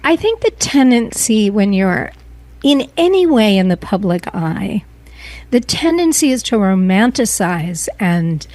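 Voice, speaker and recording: A woman's voice: mid-range voice, a little mellow. Earnest, emotional woman with many restarts. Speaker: guest. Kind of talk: personal interview.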